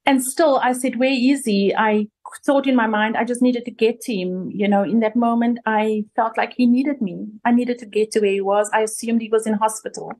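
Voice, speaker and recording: A middle-aged woman with a South African accent, an interview guest giving an emotional personal recollection in a halting way, with many restarts. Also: on the high side, fairly even intonation, a little mellow.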